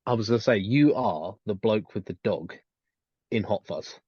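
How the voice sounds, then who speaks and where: A man's voice: fairly low pitch, animated, normal speed, a little mellow, husky, no room sound. A man co-hosting a podcast in casual chat, rambling with many restarts and fillers. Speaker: podcast co-host. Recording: dull dry lo-fi mic.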